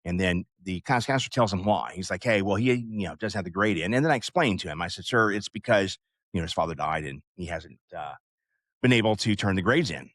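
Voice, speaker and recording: A man in his fifties tells a long personal story in a low, unhurried voice. He rambles, with plenty of "uh" and "you know" asides. The sound is close and dry, with no room echo. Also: lively intonation, a bit bright. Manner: rambling, many fillers and asides. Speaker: podcast host. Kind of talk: casual storytelling.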